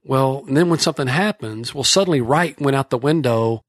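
A man's voice: mid-range voice, a little fast, no echo, clean studio sound. A man from Texas with a Texan accent, a horse trainer telling folksy, rambling stories on a podcast. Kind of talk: casual podcast storytelling.

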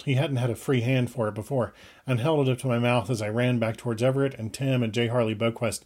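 A man reads a first-person story aloud at a medium pitch. His delivery is brisk and urgent, pushing through action scenes with shifting tempo. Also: a little mellow. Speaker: audiobook reader. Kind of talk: first-person fiction narration.

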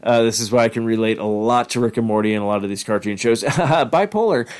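A man's voice: medium pitch, quick pace. A man co-hosting a casual podcast, rambling and enthusiastic with plenty of swearing. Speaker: podcast co-host. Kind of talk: casual chat.

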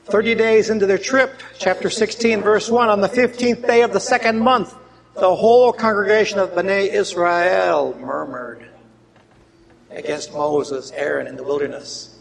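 High, gravelly-voiced preacher in a hall. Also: male voice, fairly even intonation, moderate pace. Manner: swings between loud emphatic reading and quiet asides. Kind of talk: sermon with scripture reading. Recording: long hall reverb.

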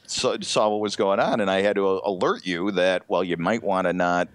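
A man's voice: sits low, normal speed, smooth, no echo. A man co-hosting a podcast in casual chat, often agreeing with his partner. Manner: agreeable, says right a lot. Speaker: podcast co-host.

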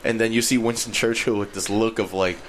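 A man chatting casually and rambling about a film, his voice climbing high when he gets worked up. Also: fairly quick. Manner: animated, rambling, voice jumps high when indignant. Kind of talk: casual chat. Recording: faint background noise.

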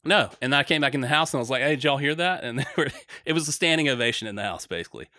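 A man telling a profane story in casual chat, with loud reenacted shouting. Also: mid-range voice, expressive, rapid-fire, dry recording, studio quality. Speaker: podcast co-host.

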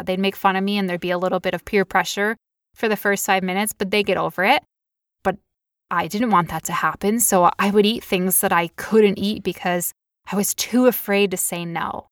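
A woman in her thirties speaks candidly about her own past, leaning on casual "like" fillers as she co-hosts a podcast. Her voice sits at a middle pitch and the recording is dry and close, with no room sound. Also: no room sound. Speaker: podcast co-host. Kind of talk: personal storytelling in casual chat.

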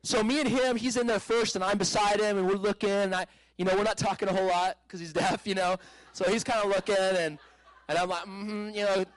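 Man, higher voice, dry close sound, animated casual testimony with laughs and restarts. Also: fast, dry recording, low-quality recording. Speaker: speaker telling a personal testimony.

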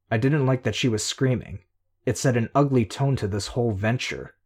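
Low-voiced male audiobook narrator. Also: darkish tone. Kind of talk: first-person audiobook narration.

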